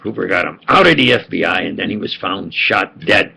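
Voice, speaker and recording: A man's voice: deep voice, expressive, brisk, creaky, sharp tone, husky. An older man telling a meandering personal story, full of fillers and restarts. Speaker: vlogger. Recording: dull lo-fi home recording.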